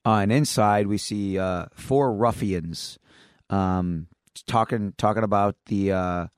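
Low-voiced man rambling through a story. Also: takes it slowly, clean tone, no echo, clean studio sound. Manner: rambling storyteller, many fillers and restarts. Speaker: podcast co-host. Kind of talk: casual chat.

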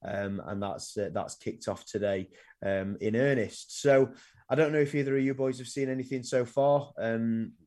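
A man's voice: medium pitch, moderate pace. Rambling man hosting sports chat. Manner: rambling, filler-heavy, trails off quietly. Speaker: sports podcast host.

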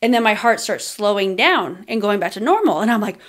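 A woman's voice: mid-range voice, sing-song, brisk. A woman hosting a podcast, telling a personal story in casual chat, candid and swearing freely with lots of fillers. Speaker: podcast host.

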